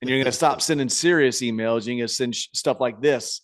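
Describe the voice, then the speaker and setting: A man's voice: medium pitch, brisk, no room sound, clean studio sound. A man in his forties co-hosting a casual podcast, reading listener emails and often breaking into laughter between stumbling restarts. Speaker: podcast co-host.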